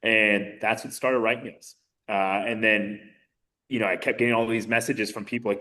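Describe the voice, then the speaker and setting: A man in his thirties, a podcast guest, telling his story in a casual, animated way with many fillers. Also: fairly low pitch, brisk. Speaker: podcast guest, mayoral candidate.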